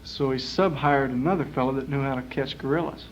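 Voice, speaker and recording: A man's voice: medium pitch, brisk. A man spinning a rambling joke on stage. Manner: casual, drawling, full of "uh" fillers. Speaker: performer telling jokes on stage. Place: small club stage. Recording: muffled 1960s live recording, faint hiss.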